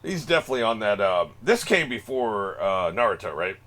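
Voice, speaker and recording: A man's voice: on the low side, big pitch swings, brisk, a bit bright. A man hosting an anime reaction video, cracking profane jokes and laughing often in casual commentary. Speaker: anime reaction channel host.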